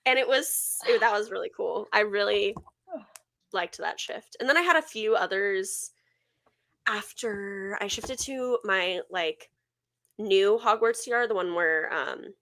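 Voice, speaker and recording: A woman's voice: medium pitch, a little slow, a bit bright. A young woman co-hosting a podcast, chatting casually and telling a long personal story with lots of "like" fillers. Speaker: podcast co-host. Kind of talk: casual chat.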